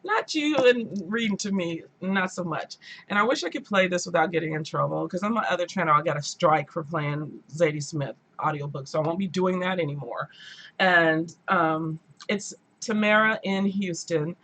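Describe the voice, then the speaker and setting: A chatty woman hosts a live book stream from her room at home. Her voice is bright and forward, and she talks in an animated, loose way with bits of playful mimicry. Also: on the low side, normal speed. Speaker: book channel host. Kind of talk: casual live-stream chat.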